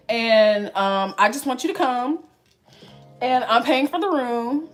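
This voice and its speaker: A woman's voice: on the high side, measured pace, faint music behind. A young woman in her twenties telling a story to her viewers in casual, slangy chat, laughing often. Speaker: vlogger.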